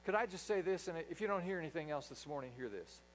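A man preaching a sermon in a church, a dynamic speaker who swings from loud emphasis to quiet asides. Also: fairly high pitch, expressive, quick pace, slight background noise, rough recording. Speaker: pastor. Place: church sanctuary.

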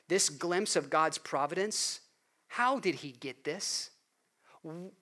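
A man preaching a sermon in an earnest way, rising to loud emphasis and dropping to hushed appeals. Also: on the high side. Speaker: pastor.

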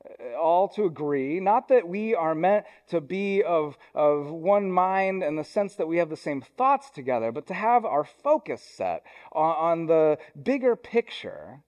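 A young man delivers a sermon in a church sanctuary. His voice sits slightly higher than most men's, and his tone is conversational, with self-deprecating asides. He speeds through some thoughts and slows deliberately on others. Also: expressive, darkish tone. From Ohio, US. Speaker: pastor.

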